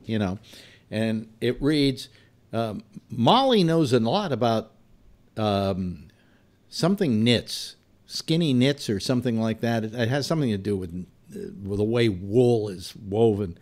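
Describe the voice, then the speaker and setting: Man hosting a talk show, lively pitch, animated storytelling, laughs a lot. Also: measured pace. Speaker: host. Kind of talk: casual panel chat.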